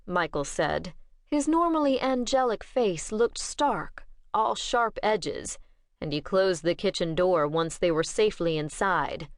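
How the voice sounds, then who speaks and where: A woman with a lowish voice narrates an audiobook from a script in a measured, even storytelling manner. The sound is clean studio audio with no room sound.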